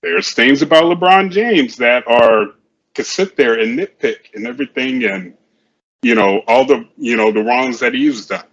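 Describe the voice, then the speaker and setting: A man's voice: medium pitch, normal speed, fairly bright tone, lo-fi sound. A man co-hosting a casual sports chat show, rambling and often repeating himself. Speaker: podcast co-host.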